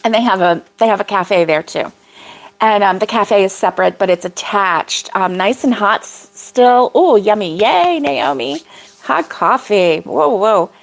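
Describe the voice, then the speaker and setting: A woman's voice: medium pitch, measured pace. An older woman hosting a casual crochet livestream, rambling about her week with frequent laughs and reading viewer comments aloud. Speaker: crochet vlog host.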